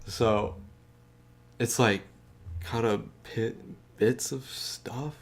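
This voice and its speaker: A man's voice: medium pitch, very slow. A man casually retelling a movie he watched, swearing a lot, laughing and acting out the characters' lines. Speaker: podcast co-host.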